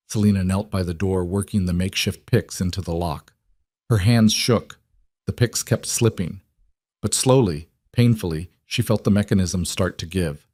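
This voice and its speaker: A man narrating a scripted drama story in a slow, dramatic reading. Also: sits low, darkish tone, no echo, clean studio sound.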